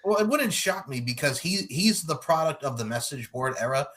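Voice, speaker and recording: Casting: male podcast host, bright forceful voice, profane and jokey. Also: a little high, lively intonation, brisk. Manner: profane, joking, breaks into mock voices. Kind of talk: casual podcast chat.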